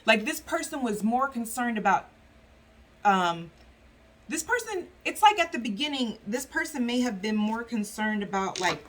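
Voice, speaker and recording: Over a noisy background, a tarot reader with a slightly high voice and big pitch swings chats casually with viewers, using many fillers. She regularly voices the people and spirits she describes in quick acted-out bits.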